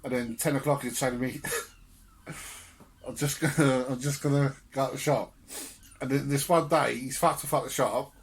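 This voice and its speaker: A young man on a podcast telling family stories with laughter and swearing in casual chat. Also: medium pitch. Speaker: podcast co-host.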